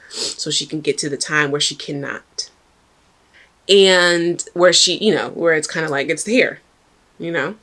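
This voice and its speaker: A woman telling a personal story to her viewers in a chatty, animated way, talking straight to the audience. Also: lowish voice. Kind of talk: casual storytime vlog.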